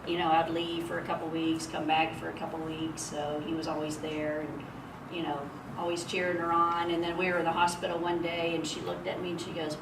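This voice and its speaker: A woman's voice: fairly low pitch, flat delivery, brisk, creaky, few pauses. Woman telling a funny eulogy story, far off. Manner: chatty, laughing often through stories. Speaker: memorial speaker. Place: memorial gathering hall. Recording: echoey room, distant mic, noisy.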